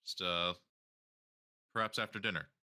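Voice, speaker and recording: A man's voice: sits low, steady tone, normal speed, bright, forceful tone. A man playing a laid-back bard. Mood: easygoing. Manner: casual, laid-back, joking. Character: easygoing young male bard with a lute.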